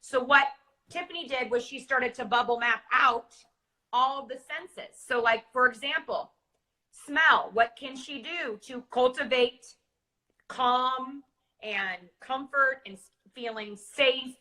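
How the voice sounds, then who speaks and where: A woman co-host explains a coaching method through a worked example. Her voice is notably bright and sits fairly high. She sounds affirming and keeps the talk clear and practical. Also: slow pace, low-quality recording. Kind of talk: casual coaching chat.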